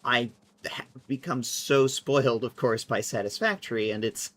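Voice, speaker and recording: A woman's voice: very deep voice, moderate pace. A woman casually chatting and thinking aloud while she plays a game on a live stream, sometimes mocking herself. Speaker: livestreamer.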